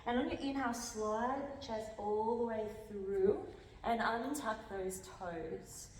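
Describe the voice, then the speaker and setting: A woman's voice: a little high, slow pace, far from the mic, a little hiss or hum. Breathless yoga teacher woman, echoey hall. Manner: calm cueing with counted holds, breathy while moving. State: a little out of breath. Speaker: yoga instructor. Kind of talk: guided yoga class cues.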